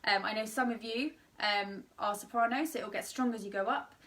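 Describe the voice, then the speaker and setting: Brief: young female vocal coach, tired voice, bright tone, sits back from the mic. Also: medium pitch, fairly quick, far from the mic. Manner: demonstrates sung vowels between explanations. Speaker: singing teacher. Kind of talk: online singing lesson.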